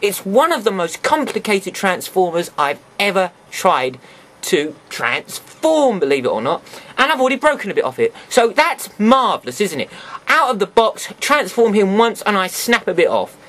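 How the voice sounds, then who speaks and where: A man's voice: high voice, sing-song, normal speed, a bit bright. A man chatting casually as he reviews a toy for his viewers, full of sarcastic asides.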